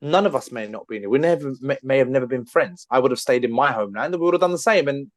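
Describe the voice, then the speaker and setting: A man's voice: medium pitch, lively intonation, quick pace, no room sound. A man co-hosting a podcast, talking earnestly and at length in casual chat. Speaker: podcast co-host, trained therapist.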